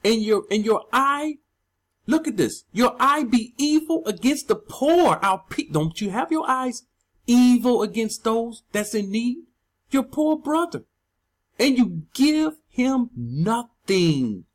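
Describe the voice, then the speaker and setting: A man's voice: very high-pitched, animated, slow pace. A man preaching to his online channel audience, emphatic and scolding, repeating his points.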